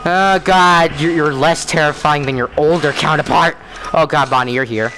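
A young man talking through a horror game in panic, repeating himself and swinging between yelps and low mutters. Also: fairly even intonation, normal speed, bright, forceful tone, a little hiss or hum. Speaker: gamer playing a horror game. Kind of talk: scared gameplay commentary. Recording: game music playing behind.

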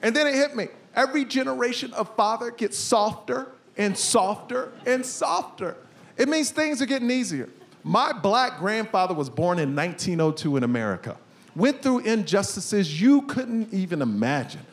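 A middle-aged man doing a stand-up comedy set, animated, acting out family scenes and breaking into shouts. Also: high voice, moderate pace. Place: comedy club stage with live audience. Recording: live room with steady ambience noise.

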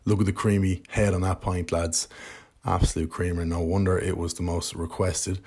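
A man's voice: low voice, level tone, moderate pace, darkish tone, breathy edge. A young Irish man chatting casually to camera in a pub, rambling, joking and swearing. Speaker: pub-reviewing vlogger. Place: indoor pub. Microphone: camera mic.

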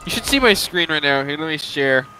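A man's voice: fairly high pitch, lively intonation, brisk, pushed and bright, soft background music, poor audio. A young man chatting casually with friends while playing a game, joking, swearing and laughing a lot. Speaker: gamer. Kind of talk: casual gaming chat with friends.

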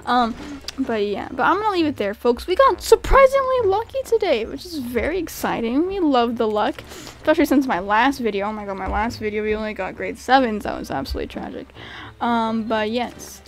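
High-voiced giggly woman gamer. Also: a little fast, gravelly. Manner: chatty, giggly, excitable outbursts. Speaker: gaming channel host. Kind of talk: casual gameplay commentary.

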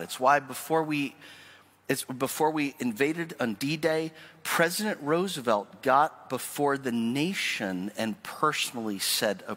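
Pastor, male, preaching with a lively, rising and falling delivery, bright edge, church hall reverb. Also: medium pitch. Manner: animated, emphatic preaching with rhetorical questions. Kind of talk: sermon. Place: church sanctuary.

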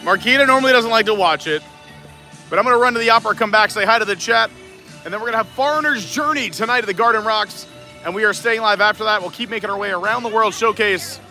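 A man's voice: sits high, fast, pushed and bright, soft background music. A man hosting a casual live stream outdoors at a theme park, chatting and laughing often while walking around.

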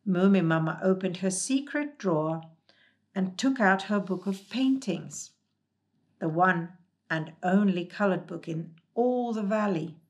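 A woman reading a storybook aloud in a gentle, calm and measured way. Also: fairly low pitch.

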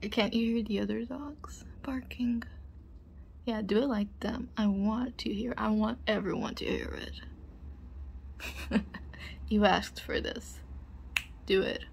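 A woman's voice: fairly high pitch, steady tone, slow pace, vocal fry, long pauses, a little mellow, slight background noise. A woman playing a cruel taunting bully, whispered role-play. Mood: mocking. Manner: taunting, bossy, laughs at the listener. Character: cruel mocking young female bully. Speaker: audio role-play performer.

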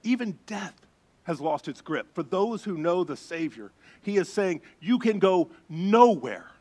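A male pastor preaching a sermon, telling a story with lively turns and hushed, suspenseful drops. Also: high-pitched, measured pace.

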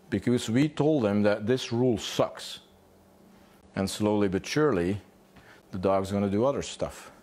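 A man teaching dog owners in a blunt, animated way, swearing freely and checking in with "yeah?". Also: sits low. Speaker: dog trainer. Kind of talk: informal teaching talk.

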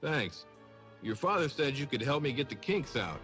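An actor playing a blunt human soldier hero in a video game, talking in an offhand way. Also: male voice, mid-range voice, very animated, normal speed, fairly bright tone. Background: game music.

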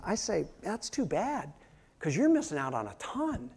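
With a husky, high, sing-song voice at a moderate pace, a male pastor preaches his sermon. His storytelling is animated, he acts out quotes, and his volume swings from loud outbursts to hushed near-whispers.

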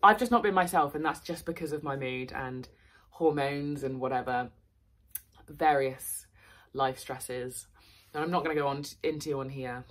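Tired, husky-voiced woman vlogging. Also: a bass voice, normal speed. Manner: chatty and candid, rambling with fillers and swearing. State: tired and low on energy. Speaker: fitness vlogger. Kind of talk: casual vlog chat. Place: at home, indoors.

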